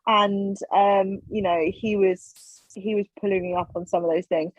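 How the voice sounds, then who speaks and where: A woman's voice: mid-range voice, a little slow, no room sound. A woman, a podcast guest, telling stories in casual chat and acting out what others said. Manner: animated, acts out quoted lines. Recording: slightly dull, dry sound.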